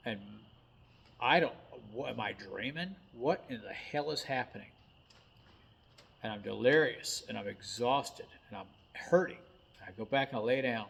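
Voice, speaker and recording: A man's voice: medium pitch, a bit bright. A man of about fifty, a truck driver, telling a personal story in a blunt, folksy way with some mild cursing.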